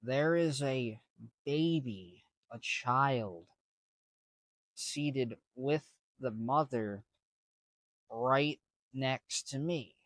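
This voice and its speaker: A man's voice: medium pitch, very slow, long pauses, dry recording. A man casually telling a story to camera, rambling with slang and many restarts. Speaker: vlogger.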